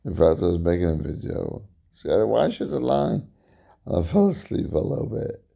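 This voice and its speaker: A man's voice: very animated, moderate pace, creaky, dark tone. A tired man rambling in a meandering, repetitive monologue to camera, yawning now and then. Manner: meandering, repeats himself, sudden pitch jumps. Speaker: vlogger.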